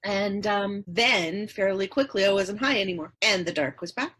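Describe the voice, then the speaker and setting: A woman's voice: medium pitch, normal speed, a bit bright. A middle-aged woman, a podcast guest, earnestly recounting her past in a repetitive storytelling rhythm. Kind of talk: personal story in interview.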